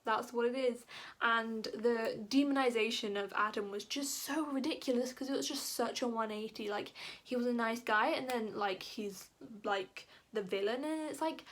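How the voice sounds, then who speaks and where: A woman with a fairly high voice rants casually about books she disliked. She is animated and exasperated, and "like" keeps cropping up in her talk. Her delivery is that of an informal book vlog. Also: moderate pace. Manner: animated and exasperated, heavy use of "like". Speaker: book vlogger. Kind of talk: casual ranting book review.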